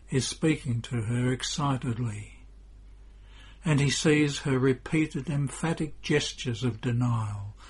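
A man reading a devotional story as narrator in a slow, measured way. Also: medium pitch, husky.

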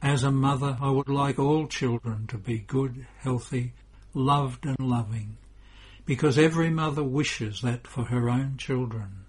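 A kindly, devoted mother from a devotional story, read by a man. Her words come softly and slowly, in a deeply husky, breathy voice. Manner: soft and kindly.

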